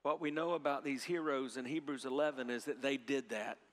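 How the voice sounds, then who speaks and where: A middle-aged man preaching a sermon, telling a story with big swings from hushed to loud and leading the crowd in repeated phrases. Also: medium pitch, fairly even intonation, fairly quick. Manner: repeats phrases, leads audience call-and-response. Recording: long hall reverb.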